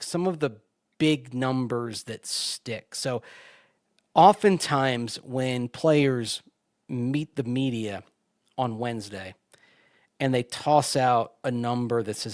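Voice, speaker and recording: A man's voice: medium pitch, slow, no room sound, studio quality. A man co-hosting a sports radio show, chatting casually, laughing often and restarting his sentences. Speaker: sports radio co-host and team reporter.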